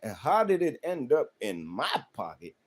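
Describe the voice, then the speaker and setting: A man's voice: medium pitch, big pitch swings, moderate pace. Profane, confrontational man ranting with AAVE. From South Central Los Angeles. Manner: profane, confrontational, rhetorical questions. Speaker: livestream host. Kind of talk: ranting monologue to chat.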